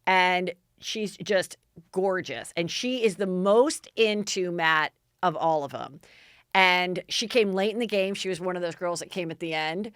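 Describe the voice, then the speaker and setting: A woman hosting a podcast, chatting in a fast, animated, frank and gossipy way. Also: on the low side, clean tone, no echo, clean studio sound. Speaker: podcast host. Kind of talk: casual gossip chat.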